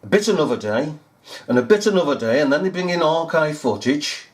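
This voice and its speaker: A man's voice: a little high, lively intonation, brisk. A man giving sarcastic, incredulous commentary over news footage, often repeating himself. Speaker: video commentator.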